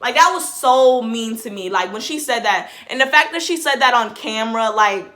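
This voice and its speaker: A woman's voice: on the high side, expressive, normal speed, sharp tone. A woman vlogger giving a casual reaction commentary. She talks in a rambling, chatty way, says "like" in almost every phrase and often restarts her sentences.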